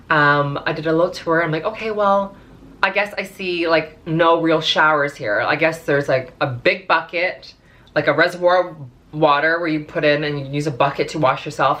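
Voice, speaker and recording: A woman's voice: deep voice, bright, forceful tone. A young woman in her twenties telling a travel story in a chatty, dramatic way, swearing freely and using lots of fillers. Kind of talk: casual story time.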